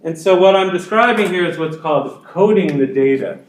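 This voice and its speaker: A man's voice: sits high, lively intonation, brisk. Chatty male lecturer in an echoey room. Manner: conversational, uses plain examples and asides. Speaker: college instructor.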